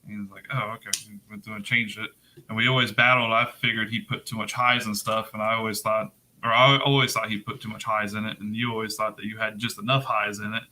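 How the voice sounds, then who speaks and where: A bass player, a man, explaining things unhurriedly with many fillers in casual podcast chat. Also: level tone, quick pace, pushed and bright, poor audio.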